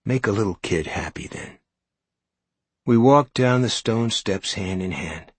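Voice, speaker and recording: A man narrates a first-person story in an even, measured manner. His voice is low and husky. The recording is close and dry, with no room sound. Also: no room sound. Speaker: audiobook narrator.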